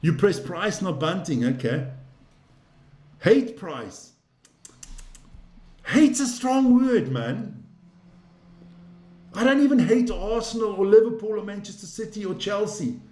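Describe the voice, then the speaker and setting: A man hosting a casual live stream, rambling, swearing freely and getting excitable. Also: sits high, a little slow, pauses often, echoey room.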